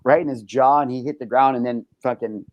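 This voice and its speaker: A man's voice: mid-range voice, fairly quick, dry recording, highs cut off. A man hosting a casual talk show, telling a wild story with lots of swearing and energy. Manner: animated storytelling, heavy swearing. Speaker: host. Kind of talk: casual chat.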